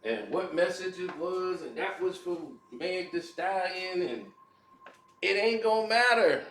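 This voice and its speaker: Male commentary host, slow and laughing, set in a roomy, echoey space. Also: sits high, animated, a bit bright, slight background noise. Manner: laughs often, mocking asides. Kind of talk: casual opinion commentary.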